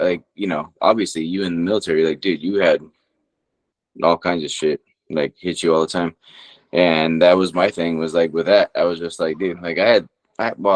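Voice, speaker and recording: Podcast co-host, man, deep voice, rambling swear-heavy storyteller. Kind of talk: casual chat.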